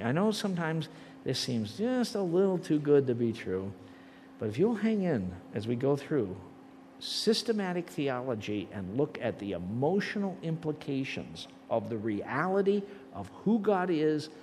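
A middle-aged man teaching a theology class, lively and emphatic, swinging between quiet and loud. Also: medium pitch, slight background noise. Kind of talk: animated classroom lecture and prayer. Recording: long reverb in a hall.

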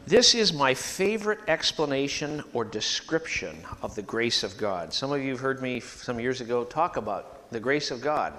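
A man preaching a sermon in a church, emphatic and animated, leading the congregation to repeat phrases after him. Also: medium pitch, moderate pace, hardly any pauses. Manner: sings hymn lines at the start.

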